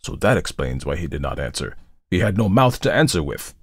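A man voicing a gruff, grim ghost warrior. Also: big pitch swings, no echo, studio quality, full character voice. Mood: grim muttering. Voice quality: deep and gruff. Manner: grim, slow and deliberate. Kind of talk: storybook narration.

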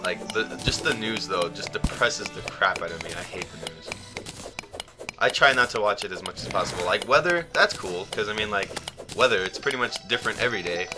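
A young man rambling and joking through casual gameplay commentary, with sudden loud outbursts. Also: on the low side, lively intonation, quick pace, music in the background. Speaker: gaming YouTuber.

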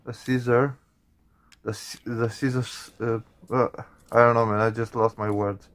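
A man's voice: medium pitch, flat delivery, a little slow. A man hosting a gaming channel, reacting to a horror game with jumpy, swearing commentary addressed to his viewers.

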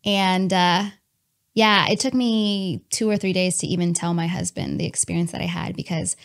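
A woman telling a personal testimony in a candid, animated way, talking to her listeners as y'all and laughing between lines. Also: fairly low pitch, moderate pace, creaky. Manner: chatty with many fillers and laughs.

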